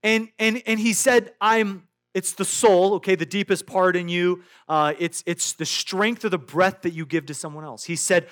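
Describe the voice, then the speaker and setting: A man preaching a sermon as pastor, swinging between loud emphatic lines and hushed quiet ones, often repeating words as he builds a point. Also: high voice, steady tone, normal speed, few pauses.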